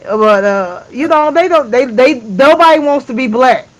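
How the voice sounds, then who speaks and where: A man's voice: very high voice, lively intonation, normal speed, highs cut off. A man in a casual live discussion, rambling with frequent laughs and restarts. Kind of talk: casual chat.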